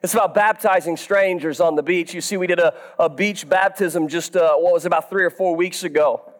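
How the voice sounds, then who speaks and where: High-voiced pastor preaching. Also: male voice. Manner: animated preaching, swings from low and soft to loud, drawn-out shouts. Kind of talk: sermon. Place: church sanctuary.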